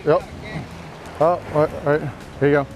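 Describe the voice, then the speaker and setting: A man's voice: a little high, flat delivery, unhurried, rough recording. Easygoing man hosting a fishing show. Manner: easygoing, instructive, joking. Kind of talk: casual on-boat fishing commentary. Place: outdoors on a boat on the Gulf. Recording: background music over the voice.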